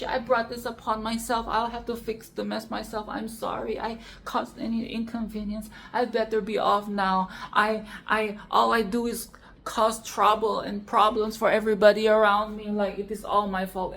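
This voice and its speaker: A woman's voice: mid-range voice, flat delivery, moderate pace, a bit bright, slight background noise, pitched above the performer's own voice, close to an everyday voice. A woman mimicking a young girl who plays the martyr, in a simpering, mock-apologetic voice. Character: whiny self-pitying young girl playing the martyr. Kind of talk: mocking impression in video commentary.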